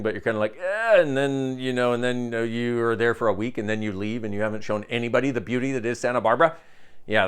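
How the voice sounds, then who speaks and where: A man's voice: on the low side, smooth. A tired man giving a rambling, jokey, casual update straight to camera as a self-help teacher, often breaking off mid-thought.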